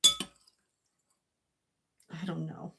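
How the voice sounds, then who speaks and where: A woman's voice: very slow, pushed and bright. Chatty woman cooking in her kitchen. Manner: rambling, self-talking, laughs often. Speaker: cooking vlogger. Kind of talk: casual kitchen chatter to viewers. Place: home kitchen. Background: clinking dishes and cutlery.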